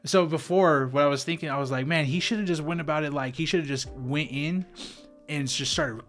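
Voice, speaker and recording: A man's voice: on the high side, brisk, a bit bright, soft background music. A man hosting a podcast, talking in a loose, rambling, reflective way. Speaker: podcast host. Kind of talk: casual chat.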